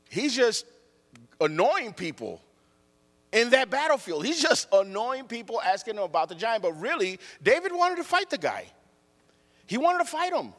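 Animated man preaching a sermon. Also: high voice, long reverb tail. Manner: animated storytelling, repeats phrases.

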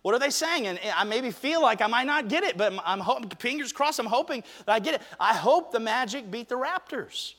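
Male pastor, high bright voice, chatty storyteller turning into emphatic preaching, long hall reverb. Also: expressive, fairly quick, few pauses. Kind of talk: sermon opening with a personal story. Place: church sanctuary.

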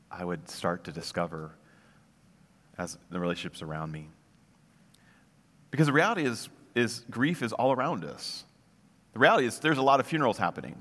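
Low-voiced guy preaching casually, lots of ums and restarts, long echo like a big hall. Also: fairly bright tone. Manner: conversational, searching, many restarts and fillers. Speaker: pastor. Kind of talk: casual sermon.

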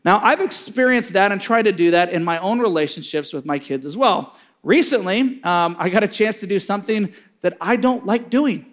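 A man's voice: high voice, animated, moderate pace, a bit bright. A middle-aged man giving a sermon-style talk on parenting, telling stories and acting out the voices in them. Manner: storytelling, acting out quoted voices with big swings.

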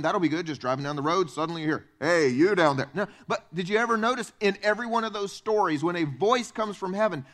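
Animated high-voiced Southern pastor. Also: male voice. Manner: animated, conversational, quotes imagined people. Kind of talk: sermon. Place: church.

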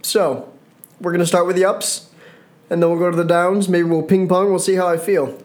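A man's voice: high voice, flat delivery, normal speed. Chatty, rambling man reviewing wrestling. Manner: rambling, self-correcting, jokey. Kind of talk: casual solo commentary.

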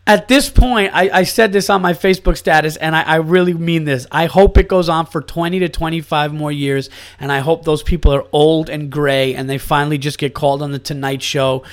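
A man's voice: fairly high pitch, steady tone, fairly quick, hardly any pauses. A man hosting his own podcast as a comedian, ranting in a casual, incredulous way and swearing often.

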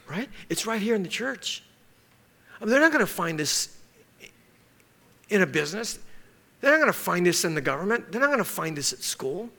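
A man's voice: high-pitched, pushed and bright. A male pastor giving a conversational sermon, now and then acting out short everyday scenes for his congregation. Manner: conversational, asks the congregation to circle words, acts out little scenes.

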